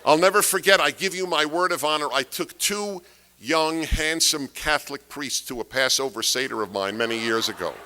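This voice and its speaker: A man's voice: fairly high pitch, moderate pace, pushed and bright. A man giving a political lecture to an audience, emphatic and fond of rhetorical questions, repeating key phrases for weight. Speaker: speaker giving a talk.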